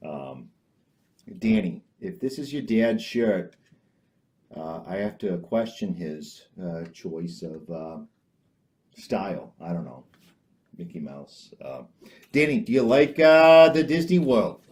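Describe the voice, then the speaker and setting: Slow, hesitant man hosting a comedy show. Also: deep voice, lively intonation, a little mellow. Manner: hesitant, full of uh and um, restarts. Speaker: comedy talk show host. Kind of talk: rambling deadpan comedy chat. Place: small home studio with green screen.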